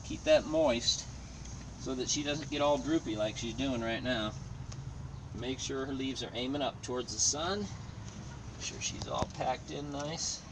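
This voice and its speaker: A man's voice: mid-range voice, unhurried. A man giving a casual, rambling how-to demonstration with plants outdoors, cracking jokes at his own expense. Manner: joking, rambling, self-mocking asides. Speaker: home gardener demonstrating plant cloning. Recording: distant mic with noisy outdoor background.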